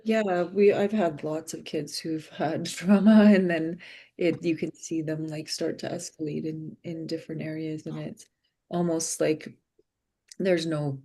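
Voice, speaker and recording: Gravelly, husky-voiced woman teacher. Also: low-pitched, fairly even intonation, measured pace, dark tone. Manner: chatty, many fillers and laughs. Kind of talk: casual discussion.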